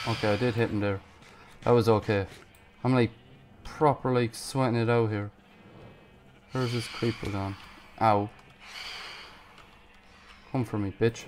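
Slow-talking man panicking at a game. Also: medium pitch, slight background noise. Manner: panicky, swearing, shouting at enemies. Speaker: gaming YouTuber. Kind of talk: casual gameplay commentary.

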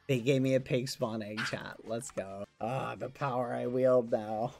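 A man's voice: medium pitch, steady tone, unhurried, gravelly. A young man streaming a game, gushing over gifts with clean stand-in swears, many "aw"s and much laughing. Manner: says "aw" again and again, laughs often. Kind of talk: live game stream chat.

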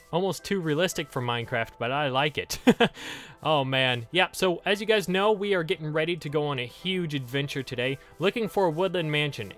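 Excitable man, gaming commentary, bright tense voice, light music behind. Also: a little high. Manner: excitable, giggly, chatty. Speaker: gaming channel host. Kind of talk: Let's Play commentary.

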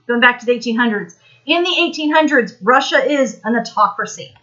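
A woman's voice: on the high side, pushed and bright, highs cut off. An American woman giving a casual, rambling history lesson on a live stream, full of fillers and restarts. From United States.

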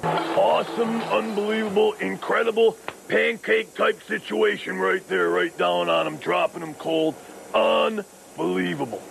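Guy putting on a super gravelly high-pitched wrestler voice, all hyped up and growly. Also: level tone, measured pace, background noise, full character voice. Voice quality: gravelly, growling catchphrase delivery. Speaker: TV wrestling show host. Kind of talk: playful TV show hosting.

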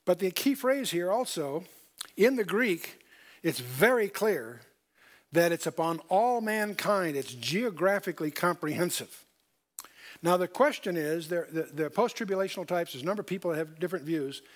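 Emphatic high-voiced older man teaching. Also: lively intonation, moderate pace. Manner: emphatic, repeats key points, asks the audience questions. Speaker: Bible teacher. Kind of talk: verse-by-verse Bible teaching.

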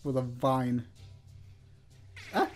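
A man's voice: medium pitch, drawn-out words, faint music behind. A man playing a video game in casual chat, cursing often and teasing his co-host. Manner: swears a lot, teasing and sarcastic. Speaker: let's play player.

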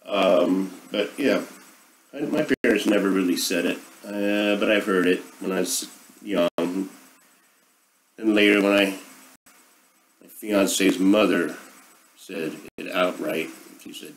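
A man's voice: low-pitched, steady tone, slow, pauses often, a little hiss or hum, low-quality recording. A middle-aged man hosting a casual monologue, rambling and sarcastic as he airs his opinions. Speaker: podcast host.

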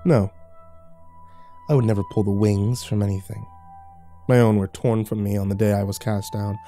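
A man voicing a mocking, unhinged fallen angel in a horror story, speaking softly and theatrically. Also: lowish voice, flat delivery, moderate pace, faint music behind, natural voice. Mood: brooding. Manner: soft, taunting, theatrical.

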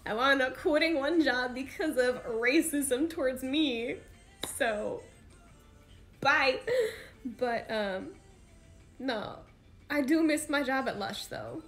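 Young female idol host, chatty and slangy, high voice, livestream from home. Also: slow, pauses often, fairly bright tone, soft background music. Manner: chatty, rambling, slangy with frequent fillers. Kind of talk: casual livestream chat with fans.

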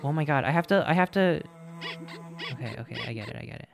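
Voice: medium pitch, expressive, fast talker, over music. Chatty, rambling live streamer. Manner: chatty, rambling and playful, with frequent restarts. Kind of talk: casual live-stream chat with viewers.

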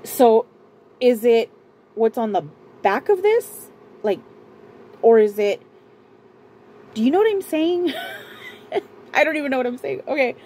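Her voice is on the high side with a warm tone: a Southern California vlogger, out of breath, casually going through a beauty and clothing haul. She's chatty and rambling, frequently stopping herself and laughing. The recording is low-quality with slight background noise.

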